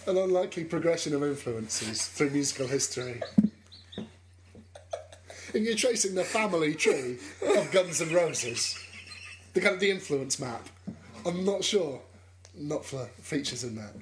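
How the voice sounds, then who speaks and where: A man's voice: on the high side, animated, a little slow, pauses often, background noise. A man co-hosting a podcast, making dry, teasing, wry asides in casual chat. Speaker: podcast co-host.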